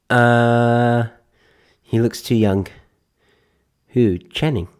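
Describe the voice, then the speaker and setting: A man with a fairly low voice hosts a relaxed live stream. He rambles and jokes with a sarcastic edge, stopping to read film blurbs aloud. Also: measured pace, pauses often. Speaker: host. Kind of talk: casual live-stream chat.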